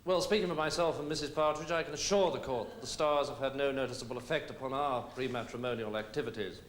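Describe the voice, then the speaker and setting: An actor playing a male stockbroker witness who speaks in a pompous, measured and formal way. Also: medium pitch, a little hiss or hum, close to an everyday voice. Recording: echoey old film soundtrack.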